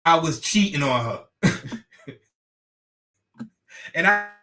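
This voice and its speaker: A man hosting a casual stream chat, talking in an animated, repetitive, teasing way. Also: high voice. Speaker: livestream host talking with guests.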